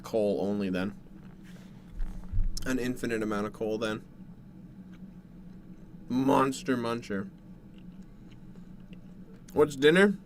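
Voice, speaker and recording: A young man from Canada streaming from a dark bedroom, chatting casually with viewers in a rambling way while working through a plate of food. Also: mid-range voice, slow pace, pauses often, a little hiss or hum.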